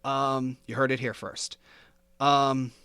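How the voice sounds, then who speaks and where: A man's voice: mid-range voice, level tone, slow, bright, forceful tone, smooth. A man hosting a podcast, chatting casually and working through his notes with fillers and easy laughter. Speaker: podcast host. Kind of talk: casual chat.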